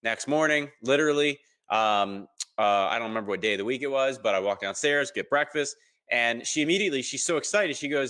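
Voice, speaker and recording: Bright-voiced man telling a story. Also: medium pitch, brisk. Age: 30s. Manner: animated storyteller, acts out quoted voices, many ums. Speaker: podcast guest. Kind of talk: casual storytelling interview.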